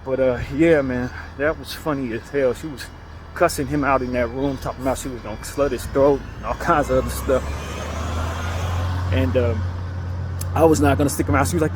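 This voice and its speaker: A man's voice: on the high side, fairly even intonation, normal speed, long pauses, noisy background. A man casually telling a rambling story while walking outdoors, often chuckling. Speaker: vlogger. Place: outdoors on a city street, walking.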